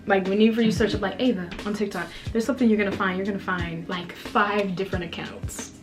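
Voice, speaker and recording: A woman's voice: medium pitch, steady tone, fast talker, soft background music. A young woman hosting a casual interview, bubbly and playful, laughing often. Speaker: host.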